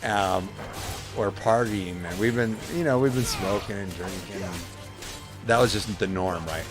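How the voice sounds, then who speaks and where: A middle-aged man streaming a game, casually telling a story in an animated way, acting out the voices and saying "man" often. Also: sits low, measured pace, over music. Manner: animated, acts out voices, says man a lot.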